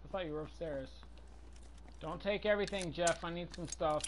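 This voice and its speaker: A man's voice: a little high, normal speed, noisy background. A man mocking a stranger in a game's voice chat, rambling and sarcastic. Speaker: streamer playing with strangers. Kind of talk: casual trolling game chat.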